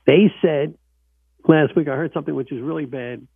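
A man's voice: on the high side, moderate pace, creaky, husky, dry recording. A man hosting a radio talk show in casual chat, earnest and repeating himself for emphasis. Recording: dry tinny phone-like sound.

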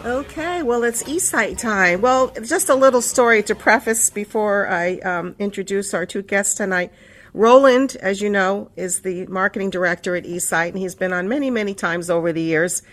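A woman's voice: mid-range voice, normal speed. A woman hosting a call-in radio talk show. She chats casually, rambles and laughs often, and sounds a little winded and out of breath. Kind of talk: casual on-air chat.

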